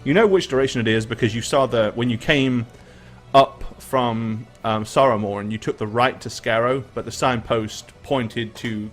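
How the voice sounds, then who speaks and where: A man narrating a tabletop game as game master, relaxed and pausing with fillers. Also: mid-range voice, soft background music.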